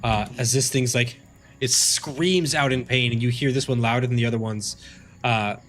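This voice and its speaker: A man's voice: mid-range voice, moderate pace, fairly bright tone. A man narrating as game master in a tabletop game, loose and rambling with many fillers.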